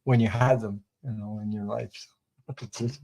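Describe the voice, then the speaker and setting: A man's voice: fairly low pitch, fairly even intonation, normal speed, creaky, a little mellow, rough recording. An older man from French Canada, a guest who rambles through funny anecdotes and laughs at his own stories. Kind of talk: casual storytelling chat.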